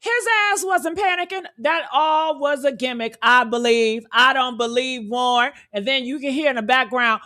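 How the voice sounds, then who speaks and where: Woman host, high voice, blunt heated reaction commentary. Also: moderate pace, hardly any pauses, fairly bright tone. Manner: blunt, fired-up, rhetorical questions.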